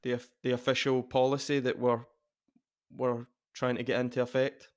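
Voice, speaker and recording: A man's voice: medium pitch, level tone, normal speed, clean tone. Playful male co-host on a call. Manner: playful, mock-formal. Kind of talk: casual chat.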